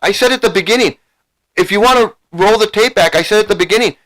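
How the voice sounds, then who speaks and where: A man on a YouTube channel tears into his viewers in a heated, profane rant. His voice sits fairly high for a man, and he hammers the same points over and over. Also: fast talker, a bit bright, rough recording. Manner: heated, profane, repeating himself, confrontational. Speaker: YouTube commentator. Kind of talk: angry rant to a live chat.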